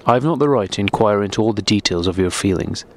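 A man reading a stiff middle-aged husband who lectures in cold, measured sentences, deep and slow to bend. the tone stays formal and deliberate throughout, like a storybook official. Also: animated.

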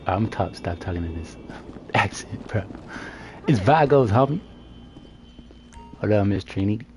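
A man's voice: deep voice, fairly even intonation, moderate pace, soft background music. A man live-streaming a roleplay, trading flirty, joking banter and putting on a street accent now and then. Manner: slips into a put-on street accent.

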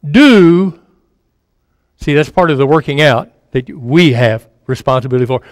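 Male preacher, high voice, conversational sermon, repeats lines, long hall reverb. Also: animated, moderate pace, studio quality. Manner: conversational, repeats phrases for emphasis, drops to a near-murmur. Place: church sanctuary.

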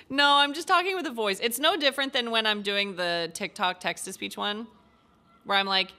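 A woman's voice: medium pitch, a little slow, long pauses, pushed and bright. A young woman streaming a story game, chatting casually and rambling goofily between laughs. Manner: giggly, rambling and goofy, often laughing. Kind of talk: casual gameplay commentary.

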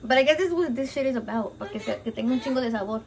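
High-voiced woman mixing Spanish and English. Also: rapid-fire. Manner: playful, swears a lot, mixes Spanish and English. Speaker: home cook vlogger. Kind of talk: casual cooking vlog. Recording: noisy home kitchen recording.

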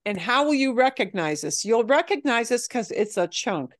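A woman teaching a language class, explaining phrases patiently and modeling them slowly. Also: a little high, sing-song, dry recording, studio quality. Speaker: Spanish teacher.

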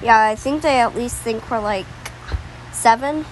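A woman giving casual commentary while playing a game, excitable and melodramatic, swinging from mumbling to yelling. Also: on the high side, unhurried, slight background noise, rough recording. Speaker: gameplay commentator. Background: game music.

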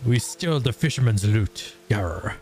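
A man's voice: medium pitch, normal speed. Playful laughing male streamer. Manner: laughing, playful, talks in a pirate growl. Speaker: streamer in a roleplay game. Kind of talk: casual gaming chat.

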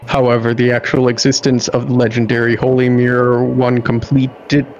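A man on a casual gaming stream with a voice of ordinary pitch, reading in-game notes aloud at a steady, measured pace. His mic sounds a little dull and lo-fi, with a faint hiss behind him.

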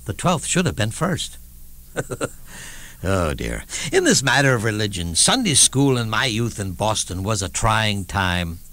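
A man's voice: lowish voice, very animated, measured pace, bright, forceful tone, dry recording, exaggerated voice. An actor playing a witty elderly statesman, telling wry anecdotes in a theatrical one-man stage monologue with chuckling asides. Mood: amused.

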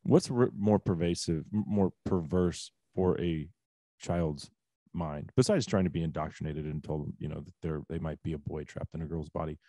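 A man's voice: rumbling low, moderate pace, mellow, no echo. A man in his forties hosting a casual talk show, ranting bluntly with rhetorical questions. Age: 40s. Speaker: host. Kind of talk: casual podcast chat.

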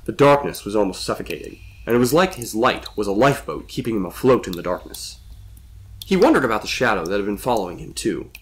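A man reading a spooky story aloud in scripted narration, with expressive delivery. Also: fairly low pitch, fast.

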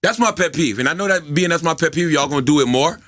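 A man's voice: a little high, fast talker, dry recording, clean studio sound, faint music behind. A man co-hosting a podcast, telling stories with lots of acted-out voices and swearing. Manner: lively storyteller, acts out voices, profane. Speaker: podcast co-host. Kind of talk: animated storytelling chat.

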